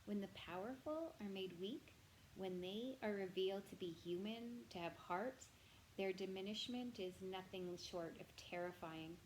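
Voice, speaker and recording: Brief: woman storybook reader, gentle and expressive, mid-pitched voice, faint hiss behind. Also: measured pace, rough recording. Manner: gentle, expressive, addresses the listener directly. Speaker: reader of a children's novel. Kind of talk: reading a storybook aloud.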